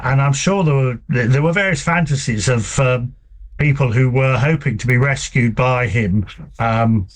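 A man being interviewed as an author, talking in a relaxed conversational way with frequent ums and restarts. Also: medium pitch. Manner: hesitant, with many ums and restarts. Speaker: author and guest.

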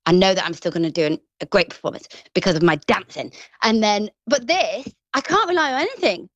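A woman's voice: medium pitch, animated, brisk, no echo, lo-fi sound. A woman in her thirties with a Grimsby English accent, an actress chatting effusively in an interview, full of restarts and "like". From England. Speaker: stage actress guest. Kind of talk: casual interview chat.

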